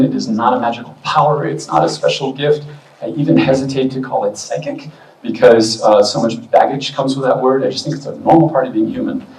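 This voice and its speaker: A man giving a relaxed, chatty talk as a medium to an expo audience, with many fillers. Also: mid-range voice, recorded from a distance. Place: expo hall. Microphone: booming handheld or stand mic. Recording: echoey hall, mic heard from afar.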